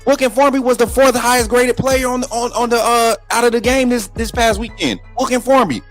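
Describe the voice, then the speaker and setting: A man with a high-pitched voice hosts a live sports talk stream. He talks combatively and repeats himself, speaking straight to his viewers. Faint music plays behind him. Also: fairly even intonation, brisk, fairly bright tone. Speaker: sports show host.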